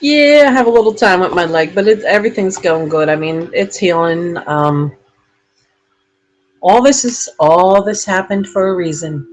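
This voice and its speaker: A woman hosting a relaxed live paranormal chat from a room in her home, rambling and chatty. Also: lowish voice, moderate pace, rough recording. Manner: rambling, chatty, laughs often.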